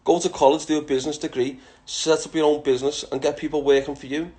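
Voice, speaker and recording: A man in his thirties from England chats casually through a follower Q&A. He is blunt and swears freely, and his voice sits a little high for a man. He keeps tossing in lad between remarks. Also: flat delivery, quick pace, warm tone. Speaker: social media personality answering follower questions. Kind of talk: casual Q&A chat.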